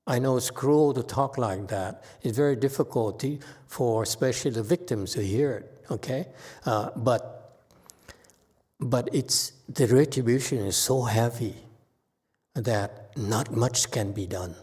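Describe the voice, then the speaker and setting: A man giving an informal Dharma talk as a Buddhist teacher, halting and often checking in with "okay?". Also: medium pitch, a little mellow, breathy edge. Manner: slow, halting, frequent "okay?" tags. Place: temple hall.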